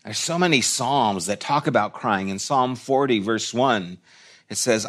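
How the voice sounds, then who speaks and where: A man's voice: medium pitch, unhurried, a bit bright. A man preaching a sermon in a church, reflective and conversational, with short restarts. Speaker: pastor.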